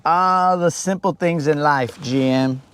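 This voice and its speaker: On a boat at a lake at night, a man hosts a casual fishing vlog, joking around and talking to viewers as if they were his bros. His voice is a little high and a little slow, with noise in the background.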